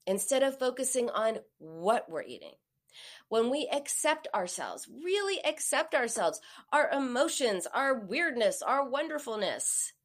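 A woman gives a coaching talk in a fairly high, very lively voice. She takes her time over each phrase. She acts out the voices she quotes. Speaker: therapist or coach giving a talk. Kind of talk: motivational talk on binge eating.

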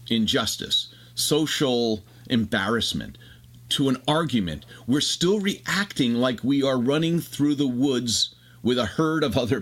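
Male host, mid-pitched, expansive explainer, casual chat. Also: fairly bright tone. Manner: expansive, explanatory, fast bursts. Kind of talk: casual conversation, explaining ideas.

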